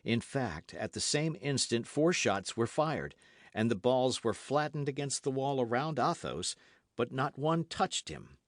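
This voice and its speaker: A man narrates a classic novel in a measured, expressive way. His intonation rises and falls with lively range. The sound is dry and close to the mic. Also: mid-range voice, no echo. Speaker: audiobook narrator. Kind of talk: scripted narration.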